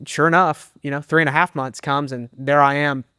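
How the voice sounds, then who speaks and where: A man's voice: fairly high pitch, fairly even intonation, pushed and bright, smooth, no echo, studio quality. Earnest man sharing a candid testimony. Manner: earnest, candid storytelling with emotional pauses. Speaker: associate pastor and men's minister. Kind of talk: personal testimony in an interview.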